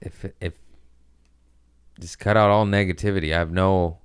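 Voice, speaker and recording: Deep-voiced man telling loose, profane stories. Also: steady tone, moderate pace, smooth, no echo, clean studio sound. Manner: loose, profane, jokey storytelling. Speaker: podcast host. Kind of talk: casual chat.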